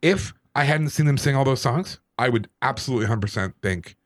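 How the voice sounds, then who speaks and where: A man on a podcast, casually telling a personal story in an animated, self-deprecating way. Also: medium pitch, a little fast, no echo. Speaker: podcast co-host.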